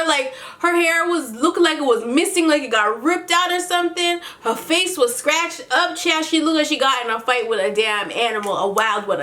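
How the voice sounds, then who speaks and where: Brief: woman vlogger, slightly high voice, sassy profane gossip recap while doing makeup at home. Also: sharp tone. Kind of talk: casual makeup-tutorial chat.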